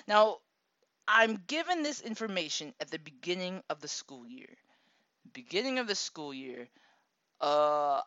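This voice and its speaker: A woman in her thirties telling a personal story about her daughter, animated, laughing often and acting out what people said. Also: on the low side, moderate pace, no echo. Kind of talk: casual storytelling monologue. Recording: dull, dry lo-fi recording.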